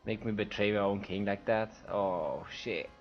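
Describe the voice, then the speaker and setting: A man's voice: lowish voice, measured pace, dull audio, faint music behind. A man with a Swedish accent streaming a game, reading the on-screen action aloud for blind viewers with emotional sighs. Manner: emotional, sighing, reads everything aloud. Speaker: let's play streamer.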